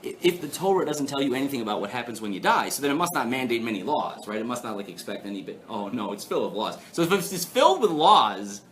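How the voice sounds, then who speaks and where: A rabbi teaching a weekly class to a live audience in an informal, joking way, often throwing questions to the room. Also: male voice, medium pitch, very animated, quick pace, hardly any pauses, a bit bright, slight background noise. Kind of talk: lively informal Torah lecture.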